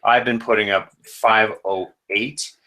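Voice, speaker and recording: Man, fantasy league commissioner, bright tone, low pitch, rambling, joking. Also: steady tone, unhurried. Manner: rambling, self-correcting, joking asides. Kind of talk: casual podcast matchup predictions.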